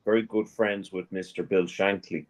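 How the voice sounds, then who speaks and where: A man in a casual live-stream film chat, calmly sharing trivia and reading out viewer comments. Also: low-pitched, moderate pace.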